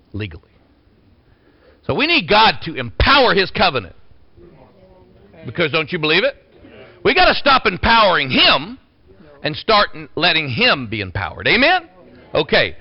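High, lively preaching man. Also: no room sound, muffled recording. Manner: animated, exclamatory preaching with shouted calls. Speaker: pastor. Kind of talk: sermon.

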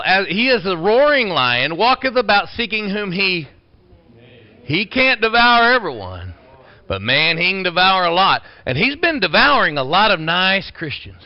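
A man preaching with a high voice that swings widely, leaping from low, quiet asides to shouted calls. His delivery is animated and exclamatory. The recording sounds slightly dull and lo-fi. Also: no echo. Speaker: pastor. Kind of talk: sermon.

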